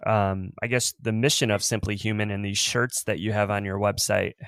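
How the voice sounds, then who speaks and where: A man's voice: lowish voice, little pitch movement, normal speed, creaky, fairly bright tone, no echo, clean studio sound. A man hosting a podcast, giving brief encouraging responses and asking questions. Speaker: podcast host. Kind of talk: interviewing.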